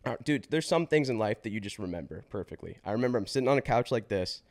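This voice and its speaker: A man in his twenties, a podcast guest, telling his life story in a casual, slangy way with swearing and quick restarts. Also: mid-range voice, expressive, a little mellow. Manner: slangy and swearing, says bro and dude; fast run-on telling with restarts.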